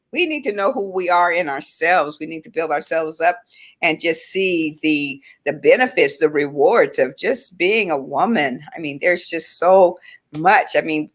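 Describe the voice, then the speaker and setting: A woman's voice: fairly low pitch, a bit bright. A woman hosting a faith-based talk show, speaking in an encouraging, affirming way and often answering with "right". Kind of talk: faith-based casual chat.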